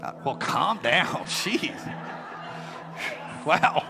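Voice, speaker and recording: A middle-aged male pastor preaches with an animated, joking delivery, slipping in playful asides. His voice sits fairly high and carries a long reverb from the church hall. Faint music sits underneath. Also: drawn-out words, gravelly. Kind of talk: sermon. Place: church sanctuary.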